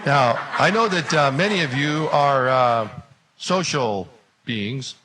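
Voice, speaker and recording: A man's voice: medium pitch, slow pace, pushed and bright, husky. A man teaching a class, talking casually with playful, wry asides. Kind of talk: joking classroom talk.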